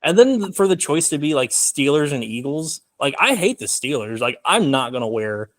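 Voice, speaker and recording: A man's voice: on the high side, sing-song, normal speed, fairly bright tone. A young man talking casually as a film guest in an interview, rambling with many fillers. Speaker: filmmaker guest.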